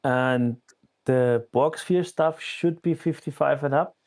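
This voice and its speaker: A man's voice: medium pitch, slow, darkish tone. A man on a group call explaining helpfully where to find shared spreadsheets. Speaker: guest and spreadsheet maker. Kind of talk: casual chat on a group call.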